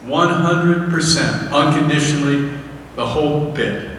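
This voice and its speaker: A male pastor giving a sermon, telling candid stories with self-deprecating laughs and climbing high and loud for emphasis. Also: unhurried, a little hiss or hum. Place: church sanctuary. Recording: echoey hall, voice from far off.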